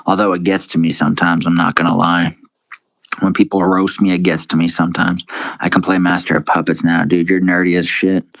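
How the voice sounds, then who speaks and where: A man's voice: low voice, level tone, brisk, fairly bright tone, no echo, poor audio. A young man on a casual livestream, reading viewer comments aloud and answering them with crude, profane, laid-back banter, calling everyone dude. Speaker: live streamer.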